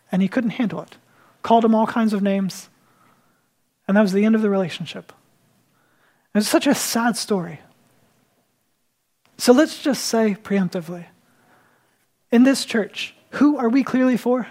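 A man's voice: high-pitched, moderate pace, long pauses, darkish tone. A male pastor preaching an earnest sermon, emphatic and repeating his key phrases.

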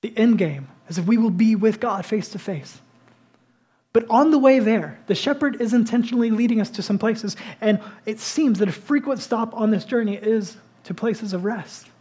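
A man's voice: high-pitched, moderate pace, warm tone, breathy edge. Man preaching in an easy, conversational way. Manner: conversational preaching with rising emphatic bursts. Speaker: pastor. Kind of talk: sermon.

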